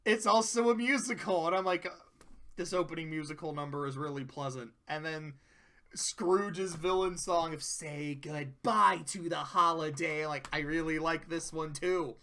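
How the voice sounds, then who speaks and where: A man talking casually as he reviews cartoon episodes, excited, swearing a lot and breaking into laughter. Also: fairly high pitch, normal speed. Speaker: video reviewer. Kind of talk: casual commentary.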